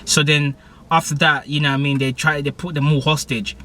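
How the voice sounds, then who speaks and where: Young man, casual slangy recap, rambling, bright forceful voice, fairly high. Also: level tone, brisk. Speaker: TV episode reviewer.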